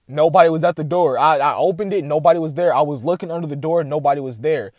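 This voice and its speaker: A man's voice: fairly high pitch, fast, few pauses, no echo. Rambling young man, dry close sound. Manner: rambling, heavy "like" filler, addresses "guys"; excited and animated retelling. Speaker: vlogger sharing a dream. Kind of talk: casual chat to camera.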